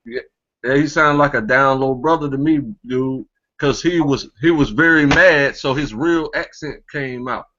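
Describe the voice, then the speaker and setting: Male talk show host, rambling casual chatter, middle pitch, muffled lo-fi stream. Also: measured pace, sharp tone, a little hiss or hum. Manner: rambling, fills with "you know what I'm saying".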